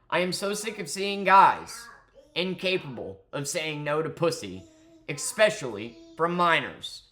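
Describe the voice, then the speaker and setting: A man's voice: on the high side, bright, forceful tone. A man ranting in angry, profane, mocking commentary about an online influencer. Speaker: commentary YouTuber.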